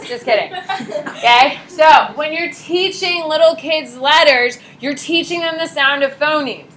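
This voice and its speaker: A woman teacher giving a jokey, animated classroom lecture to her students. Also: a little high, normal speed. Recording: echoey classroom with background noise.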